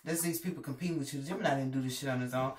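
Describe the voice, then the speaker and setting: A woman giving a casual tarot reading, animated and emphatic, with plenty of profanity. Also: extremely low pitch, racing. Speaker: tarot reader. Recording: roomy, distant mic, faint noise.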